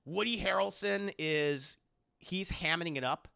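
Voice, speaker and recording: Gravelly, bright-toned man rambling through a review. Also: sits high, unhurried. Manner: rambling, repeats himself, swears, chats with viewers. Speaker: streamer and movie reviewer. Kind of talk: casual live-stream movie review.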